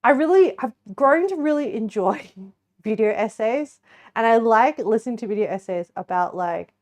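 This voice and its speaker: A woman's voice: fairly high pitch, expressive, normal speed, a little mellow. A young Australian woman chatting casually while baking on a stream, giggling often and rambling with lots of restarts.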